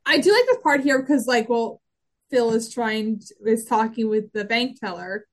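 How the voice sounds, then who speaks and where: An excitable woman co-hosting a casual podcast, laughing often as she recaps a TV episode. Her voice runs a little high. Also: normal speed. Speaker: podcast co-host.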